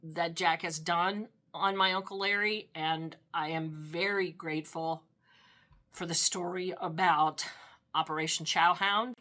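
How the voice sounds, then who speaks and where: An older woman speaking softly and heartfelt in a documentary interview, a little teary as she recalls family memories. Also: sits low. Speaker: interviewee, niece of a veteran. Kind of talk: documentary interview, reflective recollection.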